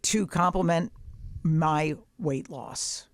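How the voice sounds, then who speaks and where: A woman's voice: deep voice, takes it slowly, no echo, studio quality. A woman in her sixties hosting a casual chat, blunt and brash, with profane jokes. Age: 60s. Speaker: podcast host.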